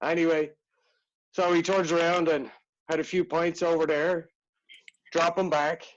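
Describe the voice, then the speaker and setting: A pub owner tells a long, rambling bar yarn in a chatty, easygoing way. His voice sits a little high, and the audio is dull and lo-fi. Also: level tone, unhurried. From Ireland. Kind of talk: casual storytelling.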